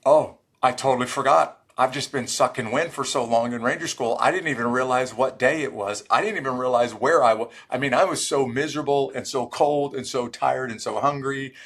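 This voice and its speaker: This middle-aged ex-Army Ranger talks a little fast with hardly any pauses, his voice sitting in the mid range. In a podcast interview he tells stories animatedly, acting out what people said.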